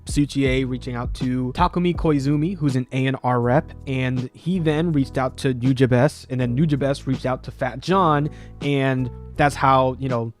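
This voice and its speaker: A man's voice: medium pitch, steady tone, measured pace. Rambling man with faint music behind. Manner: rambling, lots of "you know" fillers. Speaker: music video essay host. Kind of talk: casual talk about music.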